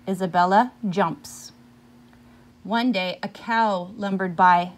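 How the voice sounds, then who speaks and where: A woman reading a picture book aloud, pausing now and then to ask her listeners questions about the story. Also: mid-range voice.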